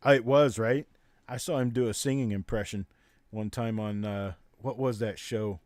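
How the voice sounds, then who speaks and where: A man hosting a live coin auction, calling bids in rapid, repetitive runs and joking between lots. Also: lowish voice, steady tone, darkish tone, no echo, clean studio sound. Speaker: auctioneer and show host.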